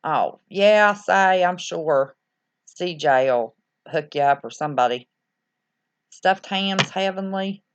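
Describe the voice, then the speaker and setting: Slow and clear, with a resonant, fairly low voice, this woman hosts a relaxed livestream and reacts out loud to viewer comments as she rambles. The recording sounds slightly dull and lo-fi.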